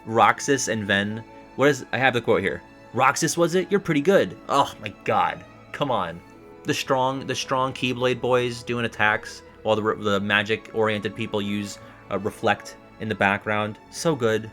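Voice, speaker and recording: A young man in casual reaction chat about a video game, rambling and excitable, laughing often. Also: fairly low pitch, measured pace, soft background music.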